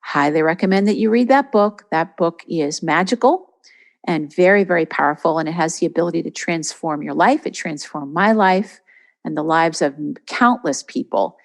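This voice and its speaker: A woman's voice: sits low, moderate pace. A woman podcast host and reverend giving an earnest spiritual teaching and leading a guided meditation. She often repeats words for emphasis.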